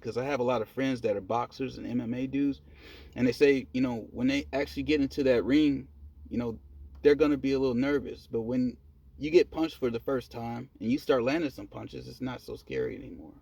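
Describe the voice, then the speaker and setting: A man telling a personal story in a casual monologue, profane and animated, laughing at himself. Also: mid-range voice, fairly quick, vocal fry, dry recording. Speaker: storyteller vlogger.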